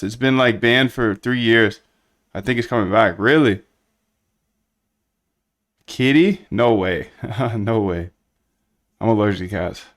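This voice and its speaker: A man's voice: medium pitch, a bit bright. Chatty man thinking aloud while coding. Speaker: coding streamer. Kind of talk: casual live-coding chat.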